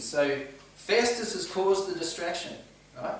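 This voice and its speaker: A man's voice: on the high side, moderate pace. Man teaching in an echoey room. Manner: earnest, asks the group questions. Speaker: Bible study leader. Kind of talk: interactive Bible teaching. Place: home church room. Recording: echoey room, distant mic, faint ambience.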